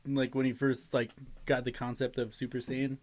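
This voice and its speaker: A man's voice: medium pitch, flat delivery, moderate pace. A young man co-hosting a casual podcast chat, telling stories animatedly, laughing often and swearing freely. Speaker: podcast co-host.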